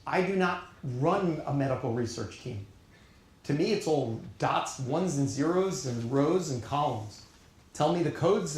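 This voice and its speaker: A middle-aged man with a New York accent giving an earnest, emphatic keynote speech at a conference, pausing deliberately for weight. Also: a little high. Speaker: keynote speaker. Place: conference hall on stage. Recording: echoey conference hall.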